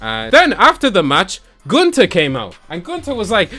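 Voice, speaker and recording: An excitable young man talks through a casual vlog recap of wrestling shows, full of slang and quick laughs. His voice sits a little high and swings widely in pitch. He talks straight into a camera that tracks him. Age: young adult. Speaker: wrestling YouTuber.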